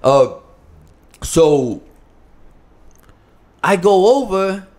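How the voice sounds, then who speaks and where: A middle-aged man on a podcast telling a story casually, slangy and animated, acting out the lines of the people in it. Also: sits high, very slow. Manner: animated, slangy, acts out dialogue. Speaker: podcast guest.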